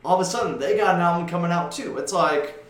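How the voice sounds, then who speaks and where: A young man hosting a podcast in casual chat, rambling and getting loud and worked up when riled. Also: high-pitched, fast. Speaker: podcast host. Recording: echoey room.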